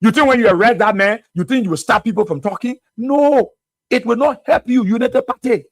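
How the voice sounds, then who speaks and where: A man's voice: extremely high pitch, brisk, no echo. A Liberian man hosting a radio talk show, delivering fiery political commentary full of rhetorical questions. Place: radio studio.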